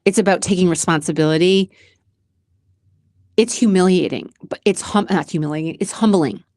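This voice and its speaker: A woman's voice: fairly low pitch, normal speed, darkish tone, dry recording, clean studio sound. A woman hosting her own channel, talking earnestly through a personal motivational monologue, repeating phrases for emphasis. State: close to tears at times. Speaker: channel host.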